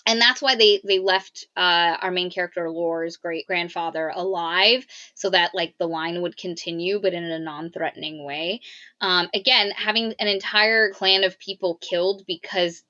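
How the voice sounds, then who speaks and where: A woman's voice: on the low side, fairly even intonation, normal speed, sharp tone. A woman of Cypriot family co-hosting a podcast, chatting casually and rambling with lots of fillers and restarts. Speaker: podcast co-host. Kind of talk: casual book review chat. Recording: muffled lo-fi mic.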